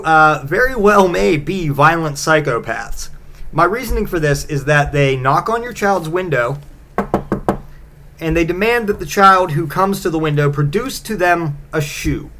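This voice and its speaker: A man's voice: fairly high pitch, a bit bright, slight background noise. A man hosting a comedy podcast, rambling through a sarcastic, profane monologue. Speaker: podcast host.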